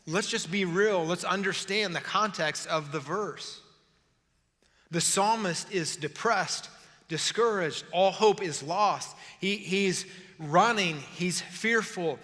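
A man preaching a sermon as pastor, swinging from loud emphatic delivery to hushed pleading and closing with an altar call. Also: high-pitched, slow pace. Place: church sanctuary. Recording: music and long reverb of a hall.

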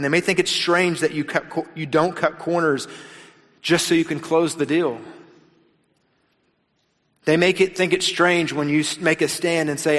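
A male pastor preaching a sermon, swinging between loud emphatic lines and hushed, intense ones. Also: a little high, big-room sound.

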